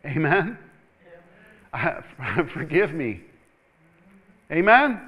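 With dull audio, a male pastor with a high-leaning voice preaches a church sermon at normal speed. He builds up by repeating words and chuckling, animatedly calling out "Amen?" to the room again and again.

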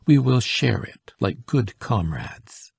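A man reading the part of a kind, modest young soldier in a husky voice. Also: medium pitch, big pitch swings, slow pace, darkish tone, no echo, full character voice. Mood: friendly.

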